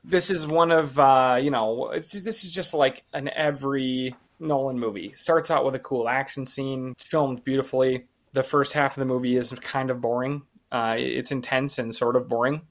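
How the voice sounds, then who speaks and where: A man's voice: medium pitch, steady tone, normal speed, few pauses. A man hosting a podcast who leads segments and talks casually and enthusiastically. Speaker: podcast host. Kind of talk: casual chat.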